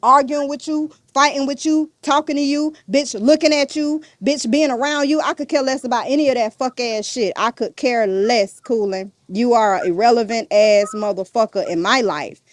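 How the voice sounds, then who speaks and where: A woman's voice: a little high, fairly even intonation, normal speed, hardly any pauses, dry recording. A woman guest on a podcast, ranting bluntly and defiantly, cursing and throwing insults nonstop. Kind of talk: heated rant in an interview.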